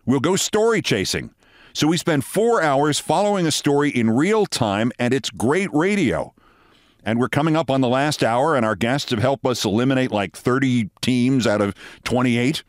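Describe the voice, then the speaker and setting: A man's voice: mid-range voice, moderate pace, dry recording. Older male host telling a story, dry sound. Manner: lively storyteller, acts out quoted dialogue. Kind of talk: storytelling anecdote.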